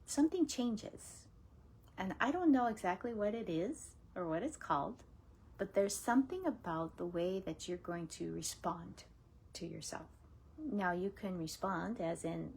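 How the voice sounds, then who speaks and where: A woman teaching laughter yoga in a casual, gentle coaching way, often dropping into whispers and playful laughs. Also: mid-range voice, animated, unhurried, vocal fry, slightly rough. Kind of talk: casual spoken guidance.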